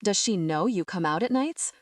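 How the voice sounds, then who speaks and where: A woman's voice: mid-range voice, animated, moderate pace, dry recording, studio quality, lightly acted. A woman voicing a cocky young male thief in an audiobook, with playful, teasing banter.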